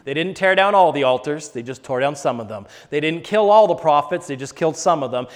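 A man delivers a sermon in a noticeably high voice. He swings between fervent, loud exhortation and soft, hushed retelling of scripture. His voice rings out with a long reverb, as in a church sanctuary. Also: lively intonation, a little fast. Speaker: preacher.

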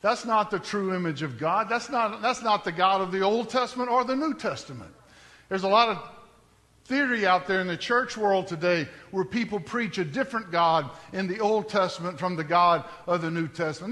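A man preaches from the pulpit in a high, bright, forceful voice. He talks to the congregation like a conversation, then climbs into emphatic peaks. The church hall rings with a long reverb. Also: normal speed. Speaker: pastor. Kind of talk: sermon. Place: church sanctuary.

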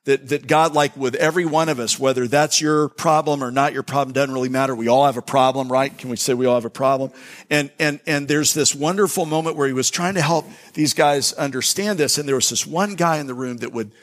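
A man preaching a sermon as a pastor, telling a story earnestly with many restarts, then slowing into a hushed prayer. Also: mid-range voice.

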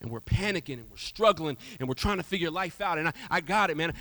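A man preaching a sermon in an animated way, swinging from loud to soft. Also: sits high, quick pace, few pauses. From Houston, Texas. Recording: long echo of a large hall.

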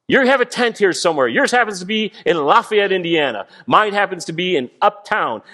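A man preaching a sermon, animated, acting out voices as he explains a passage. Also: sits high. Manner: animated, acts out voices of God and people. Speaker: guest preacher.

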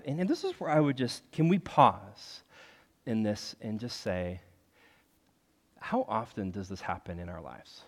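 A man preaching a sermon in an animated, conversational way, leaning on the word "like" as he talks. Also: mid-range voice, normal speed, long reverb tail. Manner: animated, conversational, heavy use of filler "like". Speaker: pastor.

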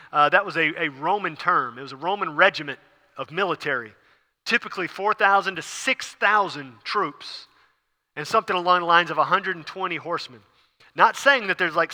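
A man's voice: on the high side, bright, forceful tone, big-room sound. A man preaching a sermon, explaining a passage with frequent fillers and restarts. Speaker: pastor.

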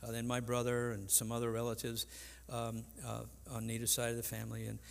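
An older man preaching a sermon as pastor, earnest and halting, with frequent restarts. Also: medium pitch, completely flat delivery, vocal fry. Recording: long reverb in a large hall.

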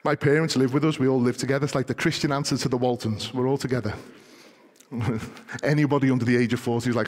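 Man, pastor, sermon, storytelling, emphatic, medium pitch, reverberant church hall. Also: steady tone, fast. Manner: storytelling, rising to emphatic exhortation.

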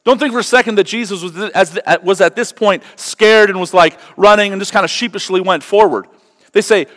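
Male pastor, sermon, fervent preaching, fairly high voice, long hall reverb. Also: a little fast. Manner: builds from quiet teaching to loud, fervent preaching.

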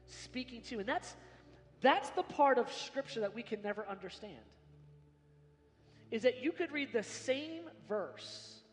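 A man preaching a sermon as pastor, swinging from hushed lines to shouted emphasis in a large church hall. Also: very high voice. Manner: dramatic swings from soft to shouting. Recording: long hall reverb.

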